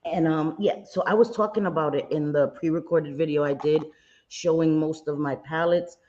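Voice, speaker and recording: Woman, bubbly livestream host, lower voice, slightly dull lo-fi sound. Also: fairly even intonation, normal speed, darkish tone. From Puerto Rico. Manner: bubbly, greets viewers with pet names. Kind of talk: casual livestream chat.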